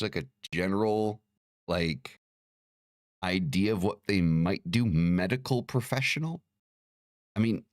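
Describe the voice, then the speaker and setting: A man's voice: deep voice, dry recording, studio quality. A man hosting an occult livestream, ranting in a casual, profane, irritated way, with many restarts.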